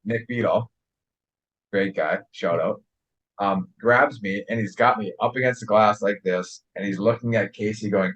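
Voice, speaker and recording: A man's voice: fairly low pitch, moderate pace. A man and former hockey player, a guest on a podcast, telling stories in a laid-back, easygoing way. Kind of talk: casual storytelling chat. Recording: slightly dull, muffled audio.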